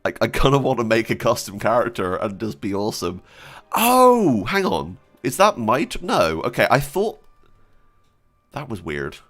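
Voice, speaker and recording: A young man chatting casually and excitedly as a streamer, joking and giggling between wishes. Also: medium pitch, moderate pace. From Britain. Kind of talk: casual gaming chat.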